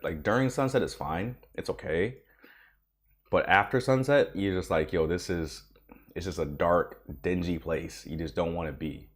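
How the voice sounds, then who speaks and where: A man hosting a casual travel vlog, with a stuffed-up, congested voice, talking in a relaxed, rambling way. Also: deep voice. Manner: laid-back, rambling, repeats himself. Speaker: travel vlogger, host.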